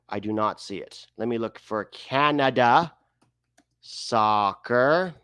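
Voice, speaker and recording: A chatty man hosts a casual soccer commentary video. He thinks aloud and hums while he hunts for things. His pitch moves a lot, and the recording is dry. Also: animated, slow, a bit bright, clear, resonant tone, dry recording. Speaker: host.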